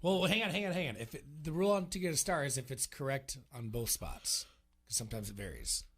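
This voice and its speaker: A man's voice: mid-range voice, animated, fast talker. Sports radio guy with a bouncy, up and down voice, playfully needling his co-hosts. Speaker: radio sports show co-host. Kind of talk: casual sports chat.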